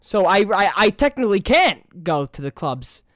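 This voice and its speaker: A man's voice: high-pitched, sing-song, moderate pace, a bit bright, dry recording, clean studio sound. A young man of about twenty with a New York accent, rambling crudely in casual chat and restarting his words over and over.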